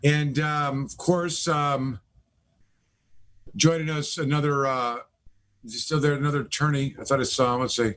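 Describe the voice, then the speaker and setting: A man's voice: on the high side, steady tone, moderate pace, long pauses, a bit bright. A middle-aged man from Michigan, an attorney hosting a live talk show, rambling through introductions with many fillers. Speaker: host, attorney.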